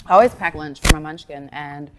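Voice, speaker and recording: A woman in her thirties co-hosts a morning talk show in an easy, chatty way. Her voice sits low for a woman, and she talks in loose, friendly runs. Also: fairly quick, noisy background. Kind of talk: casual chat.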